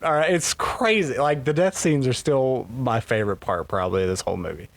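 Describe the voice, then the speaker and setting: A man co-hosting a podcast, recapping a movie in a loose, profane, animated way that is full of laughs. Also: medium pitch, brisk, creaky. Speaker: podcast co-host. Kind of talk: casual movie recap chat.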